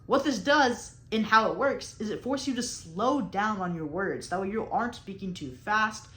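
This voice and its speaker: A woman's voice: mid-range voice, expressive, normal speed, a bit bright, echoey room. A young woman explaining public speaking drills in an instructional video, in an encouraging, explanatory way. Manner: explanatory, encouraging, repeats and restarts phrases.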